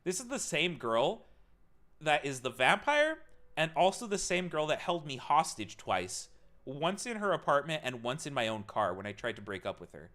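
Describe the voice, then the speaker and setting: Lively, bright young man telling stories. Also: a little high, normal speed. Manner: animated, laughing often, swearing. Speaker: streamer. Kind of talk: casual storytelling to a live chat.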